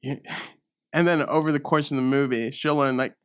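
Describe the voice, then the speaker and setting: A man's voice: mid-range voice, fairly even intonation, normal speed, clear, resonant tone, no echo, clean studio sound. A young man hosting a comedy show, rambling through an improvised bit, acting out characters and laughing at his own jokes. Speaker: comedy podcast host.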